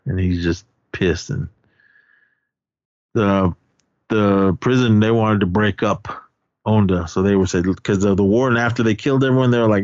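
A man's voice: lowish voice, normal speed, pauses often, a little mellow, no echo. A man co-hosting a podcast, recapping a movie's plot in casual chat, rambling with many fillers and restarts. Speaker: podcast co-host. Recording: dull lo-fi sound.

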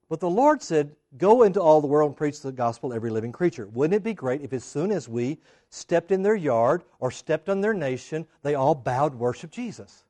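A man preaching a sermon, acting out the people in the story with big swings in loudness and emphasis. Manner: animated, acts out quoted voices with big swings in pitch and loudness. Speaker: pastor.

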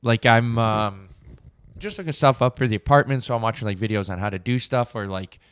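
A man co-hosting a casual podcast, telling rambling stories with lots of swearing and loud acted-out quotes. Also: medium pitch, fairly quick, smooth, no room sound. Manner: rambling storyteller, swears, acts out quotes loudly. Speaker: podcast co-host. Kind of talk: casual chat.

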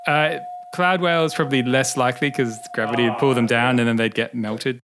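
A man's voice: medium pitch, fairly even intonation, a little fast, background noise. A man, an astronomer, patiently explaining science in plain words, with a light touch of humour. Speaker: astronomer answering kids' questions. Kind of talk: relaxed explanatory interview talk.

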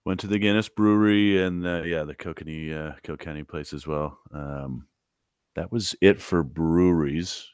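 Male co-host, low deep voice, dry humor, casual podcast chat, close dry mic. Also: normal speed, clean tone, no echo. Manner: dry, joking, relaxed storyteller. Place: podcast studio.

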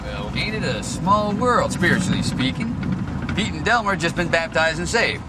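A man's voice: a little high, moderate pace, close to an everyday voice. An actor playing a wordy, pompous middle-aged con man who lectures floridly, in a film clip with outdoor noise. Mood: wry, lecturing. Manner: florid, lecturing, lively speech. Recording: film audio with outdoor ambience.

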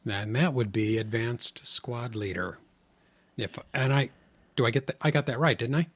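A man's voice: mid-range voice, moderate pace, fairly bright tone. A man co-hosting a podcast in casual banter, teasing his partner and joking around. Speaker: podcast co-host.

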